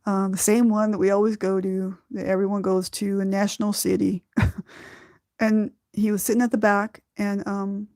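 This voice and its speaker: A woman from Southern California hosting a podcast, telling a personal story slowly and from the heart, often breaking into laughter. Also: mid-range voice, little pitch movement, darkish tone, dry recording, studio quality. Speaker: podcast host.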